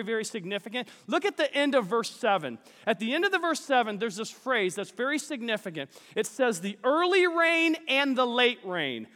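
A male pastor delivers an energetic sermon, his voice pitched high and bright. He keeps calling out to the congregation. The sound carries a long echo from the church hall. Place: church sanctuary.

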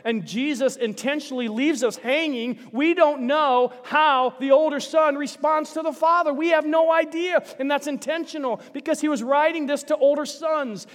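A male pastor preaching a sermon, swinging between loud emphasis and hushed asides, often putting questions to the congregation. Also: sits high. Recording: long reverb of a large hall.

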